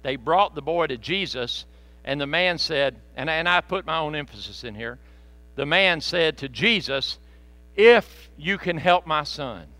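Man, pastor preaching, high bright voice, joking asides, dry sound with mains hum. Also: expressive, normal speed, no echo. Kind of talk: sermon.

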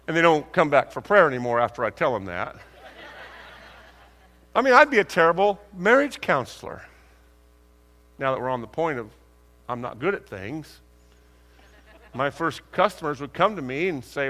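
Preacher guy, pretty high voice, animated storytelling sermon, big hall reverb. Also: moderate pace, long pauses. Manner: animated, acts out dialogue, rhetorical questions.

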